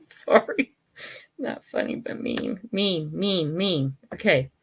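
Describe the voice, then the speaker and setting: A woman's voice: on the low side, huge pitch swings, extremely slow, breathy edge. An older woman hosting a casual livestream, reading and answering viewer comments in a frank, chatty way, laughing often and breaking off to apologize. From United States. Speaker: livestream host.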